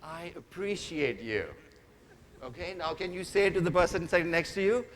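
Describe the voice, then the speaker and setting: A man's voice: sits high, fairly even intonation, fast talker. A man giving an interactive keynote speech, playfully teasing and directing the audience from a stage microphone. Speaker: keynote speaker. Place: large conference hall. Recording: reverberant hall, faint noise.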